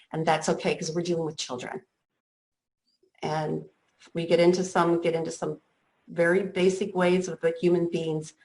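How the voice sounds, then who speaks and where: Lower-voiced woman running a school board meeting, kinda choked up, lots of stops and restarts. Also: low-quality recording. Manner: emotional, halting, near tears.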